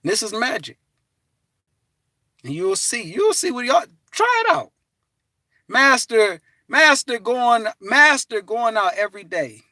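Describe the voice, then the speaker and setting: A man giving an animated, preachy motivational talk from his parked car, breaking into bits of song and laughter. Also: extremely high pitch, a little slow, no echo. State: hot and restless. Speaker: vlogger.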